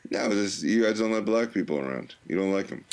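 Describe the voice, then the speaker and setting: A man co-hosting a casual comedy podcast, rambling and joking in a deadpan way. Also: fairly low pitch, a little fast. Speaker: podcast co-host.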